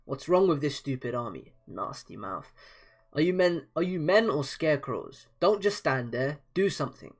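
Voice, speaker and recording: The voice is a scornful, impatient army commander barking orders, as a man reads him out from a manga. The pitch runs a bit high for a man. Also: sing-song, moderate pace. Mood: angry. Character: impatient middle-aged male army commander, bossy.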